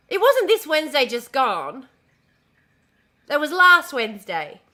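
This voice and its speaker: A woman's voice: high voice, wildly swooping pitch, a little slow, long pauses, bright, forceful tone. A woman in a casual livestream chat, rambling and easily distracted as she shows a dress she is sewing, swearing freely. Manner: talks while showing a dress she is sewing. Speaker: streamer.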